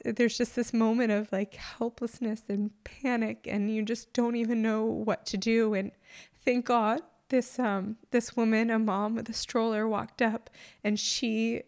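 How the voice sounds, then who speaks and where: Young woman, somewhat high voice, emotional, halting, filler words, personal storytelling. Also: a little mellow. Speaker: mother telling a personal story.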